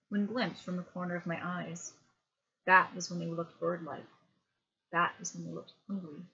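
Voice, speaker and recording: Woman narrator, bedtime audiobook, low-ish bright voice, dull lo-fi sound. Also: slightly rough. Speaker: reader. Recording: dull lo-fi home recording.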